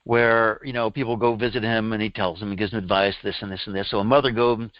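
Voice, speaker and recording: A man's voice: fairly low pitch, flat delivery, fast, dry recording. Middle-aged male workshop teacher, conversational storyteller, dry dull lo-fi recording. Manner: chatty storytelling, laughs at his own stories. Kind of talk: live workshop talk. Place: room with a live audience.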